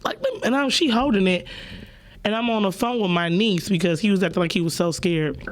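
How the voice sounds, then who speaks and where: This podcast host is a woman with a mid-range voice who talks at a moderate pace and pauses often. Her casual chat is animated storytelling, playful and loose, and she swears freely.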